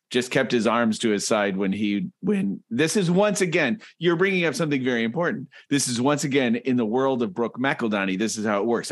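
Man, sarcastic comic-strip podcast host, lively swinging pitch, mid voice, chatty restarts. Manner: animated, sarcastic, describes panels aloud with many restarts. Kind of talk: casual comedic chat, describing comic strips. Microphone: remote call.

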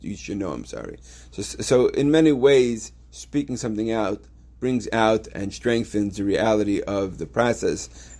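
A man's voice: medium pitch, darkish tone. A man teaching a yeshiva Torah class, explaining step by step with many restarts and reading Hebrew texts aloud.

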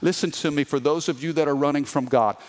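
A man preaching a sermon as a pastor, animated and humorous, reading scripture aloud and calling on the congregation to answer. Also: on the high side, quick pace. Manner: reads scripture aloud with voiced characters.

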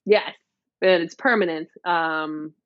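Woman co-host, low voice, giggly rambling storytelling, dull dry lo-fi mic. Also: slow pace, dry recording. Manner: laughs often, rambling storytelling. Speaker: podcast co-host. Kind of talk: casual chat.

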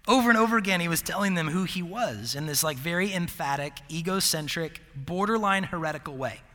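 Speaking a little fast with lively intonation, this young campus ministry preacher has a slightly high, bright, forceful voice. He delivers a rambling, casual sermon to college students, full of fillers and self-directed laughter. A live audience fills the large hall, and long reverb trails his words.

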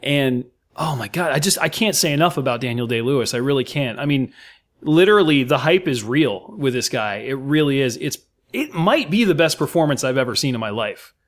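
A man's voice: mid-range voice, animated, brisk. An American man, a guest on a podcast, talking about a film with emphatic enthusiasm and many fillers. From United States. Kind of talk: casual film discussion.

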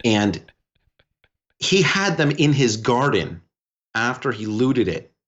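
A man's voice: mid-range voice, slow pace. Rambling storytelling man, lo-fi sound. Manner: rambling, animated storytelling with many restarts. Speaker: podcast co-host. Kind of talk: casual podcast conversation.

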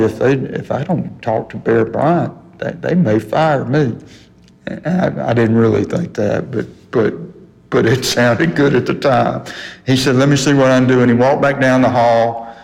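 A man's voice: mid-range voice, creaky, darkish tone. Older man, folksy radio storyteller, chuckles, long reverb. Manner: folksy, laughs often while telling. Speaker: radio guest telling a story.

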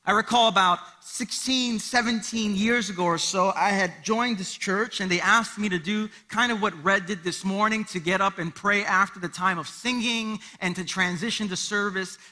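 A man's voice: high voice, normal speed, hardly any pauses. A man in his thirties preaching a sermon in church, telling family stories and acting out the voices. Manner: animated storytelling, acting out voices and cries. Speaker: pastor.

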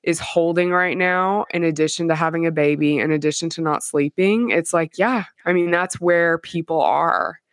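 A woman's voice: fairly low pitch, normal speed, hardly any pauses, no echo, studio quality. A woman co-hosting a podcast in casual chat, reacting eagerly and emphatically. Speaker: podcast co-host.

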